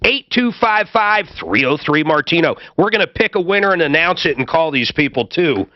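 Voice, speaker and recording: A man hosting a radio call-in show, brisk and friendly, reading out phone numbers between callers. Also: fairly high pitch, expressive, no echo. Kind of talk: on-air call-in talk. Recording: dull, dry studio sound.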